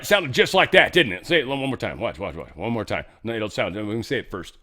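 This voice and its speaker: A man hosts a casual news commentary show, speaking at medium pitch with an expressive, sharp tone. He goes a little fast with few pauses, rambling and sarcastic, swearing now and then and dropping into mock voices.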